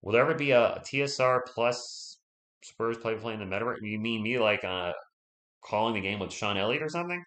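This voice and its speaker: A man hosting a live stream, giving casual play-by-play commentary, chatty and excitable, and talking straight to his viewers. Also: on the low side, fairly quick. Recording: echoey room.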